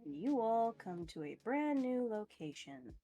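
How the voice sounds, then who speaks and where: A woman narrating a tabletop game as game master, talking in a relaxed way with fillers and laughs. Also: a little high, a little slow, dull audio, soft background music.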